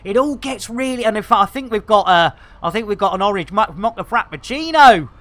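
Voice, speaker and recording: Excitable woman streaming a game. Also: mid-range voice, fairly quick, no room sound. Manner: jokey, excitable, lots of fillers and exclamations. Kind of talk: casual live-stream chat while playing.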